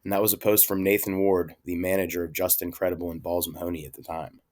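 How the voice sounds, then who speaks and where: A man with a somewhat low voice narrates a story for his own channel. His delivery is casual, relaxed and wry. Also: quick pace, no room sound.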